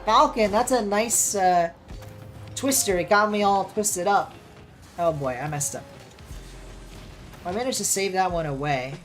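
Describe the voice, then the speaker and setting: A woman's voice: mid-range voice, measured pace, long pauses, soft background music. An American woman streamer chatting casually with viewers while playing and reacting to the match. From United States. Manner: chatty, reacting to gameplay and chat. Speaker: streamer and caster.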